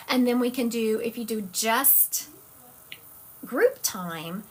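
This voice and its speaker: A woman's voice: mid-range voice, slight background noise. A woman with a Southern US accent, a psychic medium chatting casually and rambling on a live stream. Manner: chatty, rambling, self-correcting.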